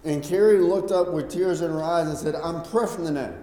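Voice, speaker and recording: A middle-aged male pastor preaching a sermon in a relaxed, conversational storytelling way. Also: on the high side, fairly quick. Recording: echoey hall from far off.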